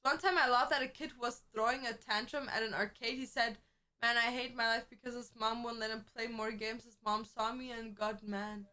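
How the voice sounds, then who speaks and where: A young woman streamer in casual chat, chatty and quick to laugh, swearing freely as she tells stories. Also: on the high side, fairly even intonation, bright, forceful tone.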